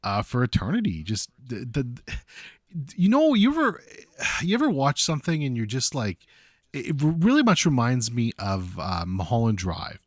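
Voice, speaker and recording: Guy on a podcast, swears a lot, stammers, really lively pitch. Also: moderate pace, dry recording, clean studio sound. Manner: excitable, profane, stammering restarts. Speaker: podcast co-host. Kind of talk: casual chat.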